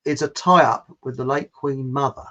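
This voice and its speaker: A man's voice: mid-range voice, fairly even intonation, normal speed, bright, forceful tone. A British man hosting a casual chat, rambling and chatty, laughing at his own jokes. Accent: British English. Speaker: host. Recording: muffled lo-fi audio.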